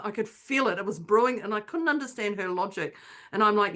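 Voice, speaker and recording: A woman chatting on a podcast, her voice set in the middle of the usual range. She recounts a story with animated flair, slipping into the voices of the people in it. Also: mid-range voice, brisk. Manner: animated storyteller, acts out her own quotes. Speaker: podcast co-host. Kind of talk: casual chat, storytelling.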